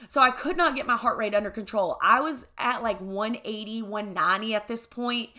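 A woman's voice: fairly high pitch, normal speed, bright, forceful tone. A young adult woman hosting a podcast, telling a candid story in casual talk, swearing freely and often asking "right?". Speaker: podcast host.

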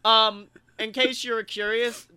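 A man co-hosting a comedy podcast in casual banter, animated and swearing, often laughing through his own jokes. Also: high-pitched, measured pace, smooth, no room sound. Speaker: podcast co-host.

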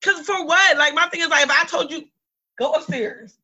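A woman in her thirties co-hosting a podcast, telling a story in blunt, lively chat with lots of swearing. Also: high voice, normal speed, poor audio. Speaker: podcast co-host. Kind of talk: casual chat.

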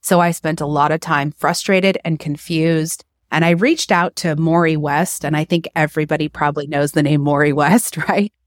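A woman's voice: low-pitched, steady tone, normal speed, hardly any pauses, dry recording, clean studio sound. A woman guest on a podcast, talking candidly about running a clinic, blunt and emphatic, with self-mocking laughs. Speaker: podcast guest, acupuncture practice owner. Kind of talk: candid interview talk.

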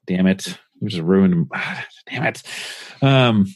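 A man co-hosting a casual podcast, his voice low and somewhat husky. He wanders through his thoughts with plenty of fillers and restarts. The sound is dry and close to the mic. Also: slow pace, a little mellow, dry recording. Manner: rambling, many fillers and restarts. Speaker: podcast co-host.

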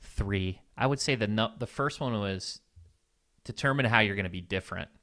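Man, nasal, fairly low pitch, casual podcast guest, upbeat and candid. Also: bright, forceful tone. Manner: upbeat, candid, listing ideas in quick bursts. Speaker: podcast guest, agency owner. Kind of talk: casual interview answers.

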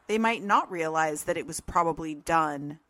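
A woman's voice: deep voice, moderate pace, a bit bright, dry recording. A woman co-hosting a podcast in casual, rambling talk full of fillers and laughs. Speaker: podcast co-host. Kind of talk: casual discussion. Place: room at home with open windows.

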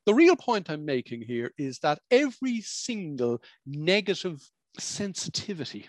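Middle-aged psychologist talking, dry sound. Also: male voice, fairly high pitch, big pitch swings, a little slow, dry recording. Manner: conversational, explanatory, with vivid examples and asides. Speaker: practicing psychologist. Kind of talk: reflective spoken talk on emotions.

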